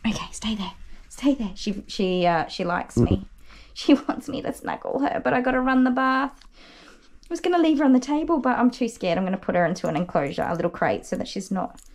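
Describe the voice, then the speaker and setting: A woman's voice: mid-range voice, expressive, brisk, darkish tone. A woman dog groomer chatting on a live stream from her grooming salon, cooing over a tiny dog and sometimes dropping to a whisper.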